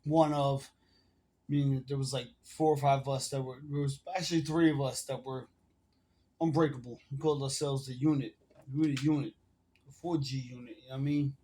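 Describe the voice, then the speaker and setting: A man's voice: mid-range voice, steady tone, brisk, mellow, slight background noise. Profane, rambling man telling a story. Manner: rambling, profane street slang. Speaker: vlogger. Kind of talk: casual storytelling to camera. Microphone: phone camera.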